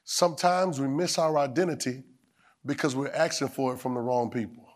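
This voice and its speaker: A man a sermon in a call-and-response style. He repeats phrases, asks the room whether they hear him, and climbs to shouts. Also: medium pitch, a little fast. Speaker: preacher.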